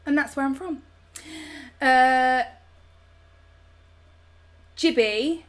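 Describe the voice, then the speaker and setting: A woman's voice: high-pitched, very slow. A woman in her thirties with a London accent, hosting a chatty live stream and reading out viewer comments with affectionate pet names. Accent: London English. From South London, England. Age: 30s. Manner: chatty and affectionate, calls viewers babe and darling. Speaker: host.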